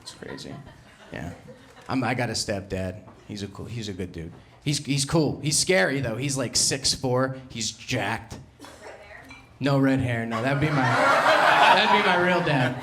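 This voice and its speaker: On a comedy club stage, a young New Jersey comedian with a Jersey accent does a brash, self-mocking stand-up set, punching out loud acted-out quotes. His medium-pitched voice is unhurried, and the live room carries audible crowd noise and audience laughter.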